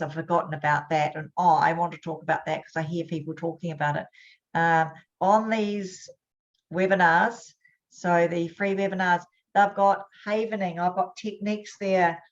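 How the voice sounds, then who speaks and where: A woman hosting a webinar as a hypnosis trainer, talking in an upbeat, chatty way. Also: on the low side. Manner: upbeat, chatty, quick bursts. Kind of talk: casual webinar talk. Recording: dull lo-fi webinar audio.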